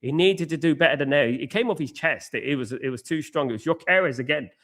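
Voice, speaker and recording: A man's voice: a little high, quick pace. Outspoken man hosting a watchalong. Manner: outspoken and animated, repeats "you know what I mean". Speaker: fan channel host. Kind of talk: live watchalong chat.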